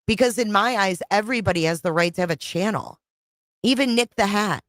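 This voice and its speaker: A woman's voice: medium pitch, fairly quick, fairly bright tone, no echo, clean studio sound. A middle-aged woman hosting a casual livestream chat, frustrated and rambling, repeating herself and swearing. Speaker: livestream host.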